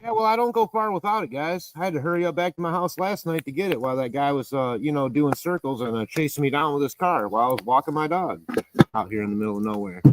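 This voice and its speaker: A man with a fairly high voice talks fast against a noisy background. He's running a casual outdoor live stream in a rural area, cooking, rambling, swearing and reading the chat out loud.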